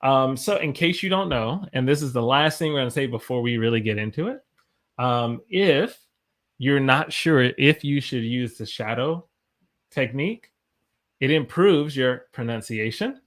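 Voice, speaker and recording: A young man hosts a live English lesson, talking casually and warmly encouraging his viewers. His voice sits at a middle pitch, and he answers viewer comments as they come in. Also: expressive, unhurried. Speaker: English teacher, livestream host.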